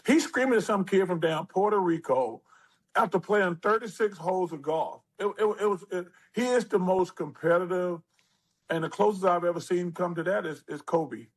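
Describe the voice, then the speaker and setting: A man in his sixties, a former basketball player, telling animated stories in an interview and acting out what people said. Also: sits high, moderate pace, husky, rough recording. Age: 60s. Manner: animated storyteller who acts out quotes. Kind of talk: storytelling interview.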